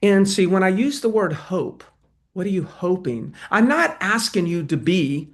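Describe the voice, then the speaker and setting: A man teaching agents how to win listings, lively, and he acts out both sides of a talk with a client. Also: fairly high pitch. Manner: energetic, acts out client dialogue. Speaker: real estate trainer. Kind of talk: sales training talk.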